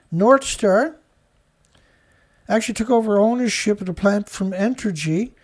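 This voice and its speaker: This Canadian news commentator works solo, reading stories with sarcastic, indignant asides and plenty of laughter. His voice sits high and is a little mellow, and he talks a little slowly with long pauses. The sound comes from a studio mic.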